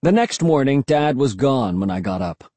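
A man narrating a first-person storybook in an expressive, tense storytelling manner. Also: medium pitch, normal speed, dry recording. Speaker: audiobook narrator.

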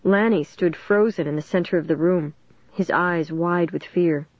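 Woman audiobook narrator, lowish voice, dramatic reading, dull and dry recording. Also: moderate pace, no echo. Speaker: audiobook reader. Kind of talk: scripted storybook narration.

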